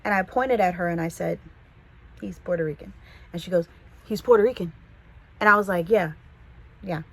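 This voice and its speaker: Woman, Californian accent, casual storytime vlog, animated, acts out quotes. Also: lowish voice, normal speed, poor audio. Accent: Californian English. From Los Angeles, the Valley. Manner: chatty, animated, quotes people in voices.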